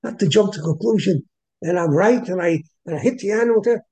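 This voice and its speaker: Creaky, husky man giving a Torah class. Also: high-pitched, a little fast, dark tone, low-quality recording. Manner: repeats words, frequent throat clearing. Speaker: Torah teacher.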